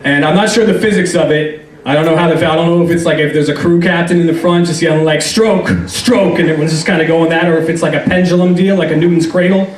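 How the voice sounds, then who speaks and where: A man's voice: fairly high pitch, fairly even intonation, fast talker, hardly any pauses. Young guy doing standup, rambly and self-deprecating, echoey club, mic sounds far off. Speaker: stand-up comedian. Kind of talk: stand-up comedy set. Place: comedy club stage. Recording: roomy club, distant mic.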